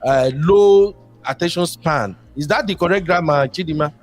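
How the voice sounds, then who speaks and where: Faint music plays behind this Nigerian caller, whose fairly high voice moves at normal speed. He speaks with a Nigerian accent in casual call-in talk, going on at length and mixing pidgin into his English.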